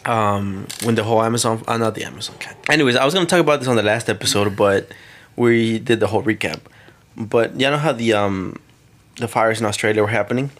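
A man's voice: on the low side, fast talker, fairly bright tone. A young man co-hosting a podcast, reading listener questions and rambling loosely in casual chat. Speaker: podcast co-host.

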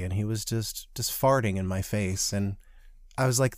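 A man from the Southern United States co-hosting a podcast, an actor telling animated, self-deprecating stories and giving advice. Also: fairly low pitch, normal speed, no echo, studio quality. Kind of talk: casual chat with advice.

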